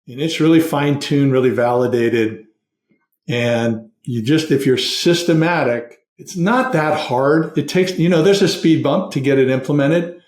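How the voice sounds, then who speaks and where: Middle-aged male podcast guest, earnest and steady, mid-pitched, recorded with noticeable room echo. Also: a little slow. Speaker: podcast guest, hiring consultant. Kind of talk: conversational interview.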